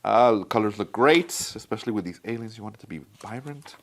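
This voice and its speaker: A man's voice: lowish voice, brisk, a little hiss or hum. A man casually reviewing a comic book collection, chatty and enthusiastic, talking straight to his viewers. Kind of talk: casual product review vlog.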